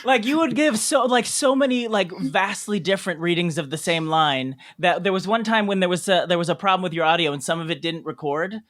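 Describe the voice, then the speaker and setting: A man hosting a podcast reunion over a call, his voice high and bright. He chats loosely, laughing often and stringing thoughts with "like". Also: brisk, few pauses. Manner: laughs often, many "like" fillers. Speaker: podcast host. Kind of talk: casual chat.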